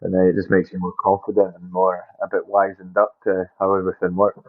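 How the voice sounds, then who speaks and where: A man's voice: sits low, monotone, fast talker. A man with a Glaswegian accent chatting bluntly and offhandedly in an interview, with casual swearing. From Scotland. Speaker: band member. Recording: tinny phone-line sound.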